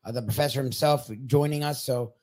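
A man co-hosting a sports betting talk show, speaking in a measured, mildly exasperated way. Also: medium pitch, steady tone, darkish tone.

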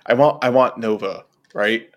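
A man's voice: mid-range voice, normal speed, highs cut off. Joking, self-mocking podcast host man. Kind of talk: casual podcast chat.

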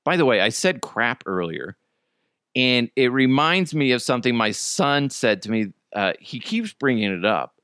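A man's voice: mid-range voice, normal speed, clear, resonant tone, dry recording, clean studio sound. A middle-aged man hosting a casual solo podcast, telling crude jokes and stories while hiccuping. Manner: crude, joking, animated storytelling. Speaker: podcast host.

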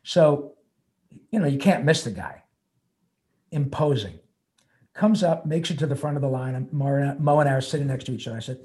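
A man's voice: medium pitch, normal speed, long pauses, dark tone. An older man, a guest voice actor, telling a story in an interview in an earnest, emotional way, rambling with restarts.

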